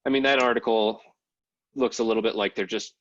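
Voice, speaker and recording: A man's voice: on the low side, steady tone, brisk, a bit bright. A man talking politics on a podcast he co-hosts, rambling and hedging with lots of fillers. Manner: rambling, many fillers and hedges. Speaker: podcast co-host. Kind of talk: casual political discussion. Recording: dull lo-fi sound.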